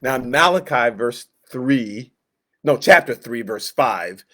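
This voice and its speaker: A man's voice: medium pitch, lively intonation, takes it slowly, a bit bright. A man teaching a Bible class in a casual, conversational way, with joking asides and quoted voices acted out. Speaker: Sunday school teacher.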